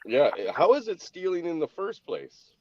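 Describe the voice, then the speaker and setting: A man's voice: sits high, sing-song, normal speed, dry recording. Profane, emphatic man, muffled recording. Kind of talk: casual group chat.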